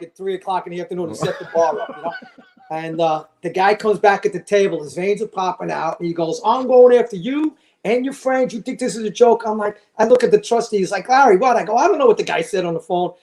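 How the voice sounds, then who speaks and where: A man's voice: high voice, fast talker, darkish tone, a little hiss or hum. A man in his sixties, a retired fire lieutenant, telling casual stories as a podcast guest and acting out the voices of people he quotes. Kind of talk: casual storytelling.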